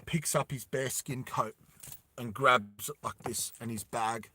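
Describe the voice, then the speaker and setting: A man telling a dramatic story slowly and deliberately, with emphatic repetition. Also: mid-range voice, pushed and bright. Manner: slow deliberate with emphatic repeats.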